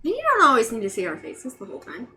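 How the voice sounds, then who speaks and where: A woman playing in a tabletop game, giggly and animated in her banter. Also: a little high, fast talker. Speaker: player.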